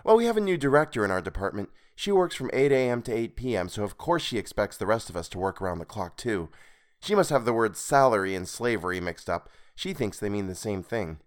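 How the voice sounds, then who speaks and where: A man's voice: fairly low pitch, sing-song, a little fast. A man voicing a wry, chatty young woman office worker with a gossipy manner.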